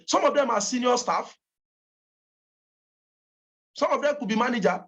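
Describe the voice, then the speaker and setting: A woman's voice: fairly high pitch, brisk, long pauses, a bit bright. A woman with a Nigerian accent giving a motivational training talk to campaign callers, emphatic and repeating her points for stress. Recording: dull lo-fi recording.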